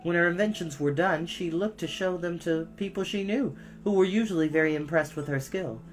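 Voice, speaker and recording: A storyteller reading a children's book aloud, pausing to cough and apologize. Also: mid-range voice, soft background music. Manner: expressive, with frequent coughs and apologies.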